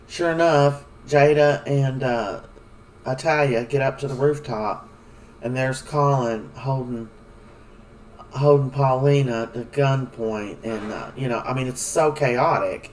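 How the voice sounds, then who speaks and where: Heard from a distance on poor audio, a man with a mid-range, darkish voice recaps a soap episode at a measured pace. He is a soap opera recap vlogger whose chatty, rambling delivery is packed with fillers.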